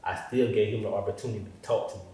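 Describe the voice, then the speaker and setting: Low mellow-voiced man, echoey room. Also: fairly even intonation, rapid-fire, slight background noise. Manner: easygoing, frequent agreeing "yeah". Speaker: podcast guest. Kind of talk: casual conversation. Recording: roomy echo, mic at a distance.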